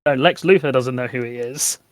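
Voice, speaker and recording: A man's voice: mid-range voice, fairly quick, no echo. A man hosting a game stream, chatting casually with friends, joking and swearing freely. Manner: crude, joking, swears a lot. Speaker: streamer host. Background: game music.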